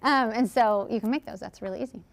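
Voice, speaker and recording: Mujer animada dando una charla en vivo. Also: female voice, on the high side, quick pace. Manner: lively, chatty, acts out quotes. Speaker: speaker at a workshop. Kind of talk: live talk with audience questions.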